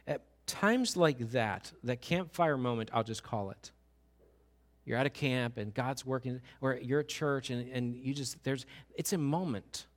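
A middle-aged man preaching a sermon, animated and acting out little voices of churchgoers to make his points. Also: medium pitch, measured pace. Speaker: pastor.

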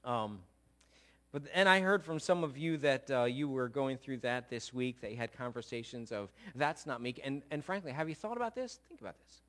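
A middle-aged male pastor delivers a sermon in a church sanctuary, his medium-pitched voice sing-song, fairly quick and a bit bright. He talks conversationally, cracks jokes and keeps checking in with his congregation.

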